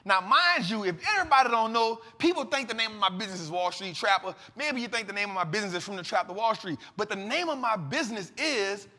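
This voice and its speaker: A man host telling a story dramatically to an audience, acting out the dialogue and swinging between loud and hushed. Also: high-pitched, animated, quick pace, hardly any pauses, in a large hall.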